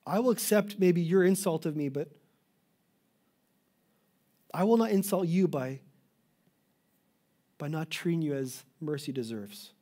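Here a middle-aged Canadian pastor delivers his sermon a little slowly, pausing at length between earnest, pleading appeals. He sometimes restarts a broken-off phrase, his slightly high voice staying warm and mellow.

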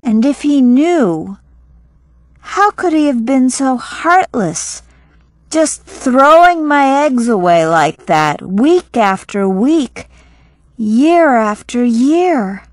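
A woman narrating a first-person novel as an audiobook in a calm, measured way. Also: sits high, no room sound, clean studio sound.

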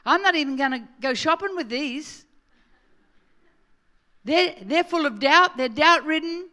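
High-voiced Australian woman preaching. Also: a little slow. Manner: lively, joking, with big swings from quiet asides to loud emphasis. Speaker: pastor. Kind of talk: sermon.

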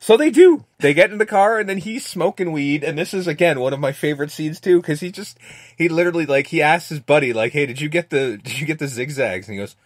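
A man hosting a podcast, casually recapping a movie with lots of swearing and quick acted-out lines. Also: a little high, lively intonation, dry recording, clean studio sound. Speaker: podcast host.

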